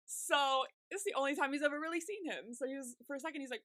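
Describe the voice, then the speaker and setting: A woman's voice: high voice, fast, bright, forceful tone, dry recording. A woman co-hosting a podcast, retelling TV scenes in casual chat and acting out the characters' lines with frequent laughter. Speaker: podcast co-host.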